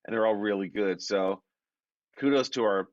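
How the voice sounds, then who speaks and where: Low-voiced man with a muffled sound. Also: moderate pace, no echo. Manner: rambling, repeats words when searching for them. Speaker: A&R song reviewer. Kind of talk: casual feedback chat. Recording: dull, muffled dry sound.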